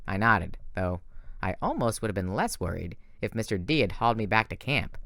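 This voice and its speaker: Give me a man narrating an audiobook, animated and bright. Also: on the low side, a little fast, vocal fry, dry recording. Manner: lively, casual first-person narration. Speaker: audiobook reader. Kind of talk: fan audiobook reading.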